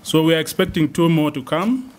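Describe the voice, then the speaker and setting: A man's voice: a little high, fairly quick, slight background noise. A man serving as acting dean, giving an unscripted response to a lecture and hesitating often with ums and uhs.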